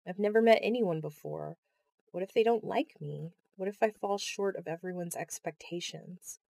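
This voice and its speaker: A woman's voice: on the low side, moderate pace, vocal fry, dark tone, dry recording. A woman reading the part of a shy, anxious young woman astronaut who speaks hesitantly, in an audiobook. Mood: fearful. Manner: hesitant, nervous.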